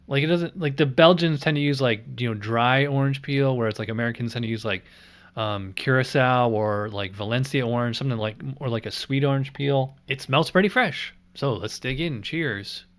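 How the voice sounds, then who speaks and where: Male host, casual review chat, middle-pitched, laid-back and rambling, thinks out loud. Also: moderate pace. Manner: rambling, many fillers like "like" and "you know"; easygoing, thinking aloud.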